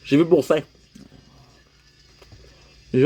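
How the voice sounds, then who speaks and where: A man's voice: fairly high pitch, lively intonation, slow pace, a little mellow. A young man with a Québécois accent, chatting casually on a livestream while eating, switching between French and English and greeting viewers.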